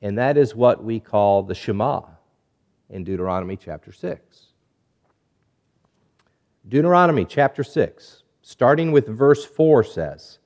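A man preaching a sermon, measured and deliberate, stretching key words and letting phrases fall quiet at the end. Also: animated. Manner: drops low and quiet at phrase ends. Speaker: pastor.

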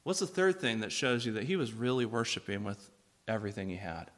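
Man, pastor, sermon, bright forceful voice, lively preaching, crowd behind. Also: lowish voice, fairly quick. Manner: animated preaching, asks the congregation questions.

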